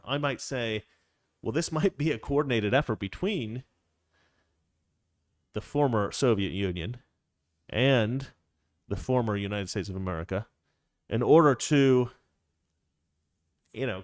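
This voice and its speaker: With a medium-pitched voice, a middle-aged political commentary host rambles through a casual talk show, wry and prone to cutting himself off and restarting. The sound is clean studio audio without echo.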